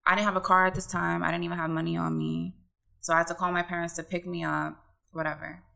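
A young woman telling a story in casual podcast chat, animated and full of swearing and fillers. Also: fairly low pitch, fast talker, gravelly. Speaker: podcast co-host.

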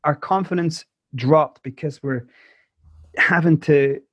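A man's voice: a little high, slow, slightly rough, no room sound. A man with a Scottish accent, a musician guest telling stories in a casual interview and acting out the voices of the people he quotes. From South Africa. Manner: animated storyteller who acts out quoted voices.

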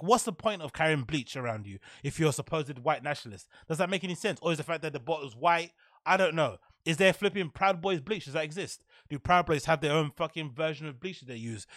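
A man's voice: a little high, fairly bright tone, no room sound. Ranting British man, slangy and sarcastic. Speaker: podcast host. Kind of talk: casual commentary.

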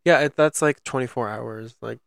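A young man talks in a relaxed, rambling way, piling up fillers as he tells a story. His voice has a gravelly edge, and it sits in a dry, close recording with no room sound. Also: medium pitch, moderate pace, dry recording. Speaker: podcast co-host. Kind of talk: casual chat.

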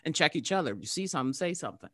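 A woman from California, a podcast guest, telling a story casually and acting out excited quotes. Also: low-pitched, rapid-fire, dry recording, clean studio sound. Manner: lively, jumps into excited character voices; casual, uses mild swearing. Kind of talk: animated storytelling in conversation.

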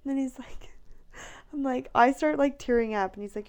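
A pregnant woman in her thirties chatting casually, telling an animated story, acting out quoted lines and laughing often. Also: sits high, brisk, clean tone. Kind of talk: casual chat.

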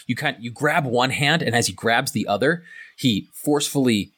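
A man's voice: medium pitch, normal speed, a bit bright, slightly rough, no room sound. A man narrating as game master in a tabletop game, loose and casual with many fillers.

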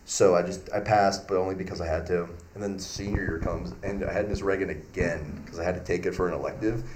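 A young man with a lowish voice tells a school story in casual podcast chat. He rambles, restarts, and acts out the lines of the people in the story. A faint hiss sits under the recording. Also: fairly even intonation, fast, darkish tone. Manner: rambling anecdote-teller who acts out quotes.

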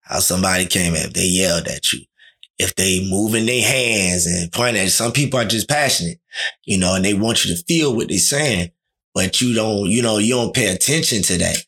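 A man's voice: low voice, animated, fairly quick, fairly bright tone. A man talking in a casual, slangy chat, often acting out quoted dialogue.

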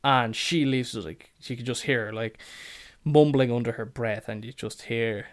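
A man's voice: mid-range voice, moderate pace. A young man telling comic stories from work in a sweary, rambling way. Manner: sweary, rambling, deadpan asides. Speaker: podcast host. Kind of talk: casual comic storytelling.

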